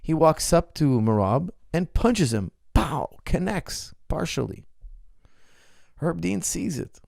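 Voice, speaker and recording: A man's voice: a little high, very animated, takes it slowly, gravelly, a little mellow, dry recording, clean studio sound. A man, an MMA coach, recapping a fight in casual podcast talk, emphatic and repeating his points.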